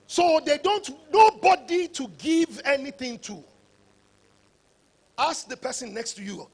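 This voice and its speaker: A man giving a motivational conference talk, preacher-like and rising to shouts for emphasis. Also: very high voice, big pitch swings, a little slow, gravelly, pauses often. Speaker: conference speaker.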